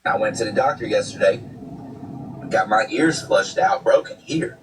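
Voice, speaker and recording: A man with a congested throat chats casually, cursing and circling back to the same lines. His voice sits on the low side. He sounds a little distant from the mic, with faint ambient noise behind him. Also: normal speed, a bit bright. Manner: profane, repetitive, upbeat. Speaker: streamer. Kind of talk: casual vlog chat.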